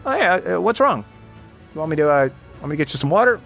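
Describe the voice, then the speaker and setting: A man imitating a loud, dim-witted young male warrior who talks in a cartoonish, shouty way. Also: a little high, sing-song, quick pace, gravelly, faint music behind, pitched above the performer's own voice, full character voice. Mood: pushy, eager. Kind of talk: comedic impression in commentary.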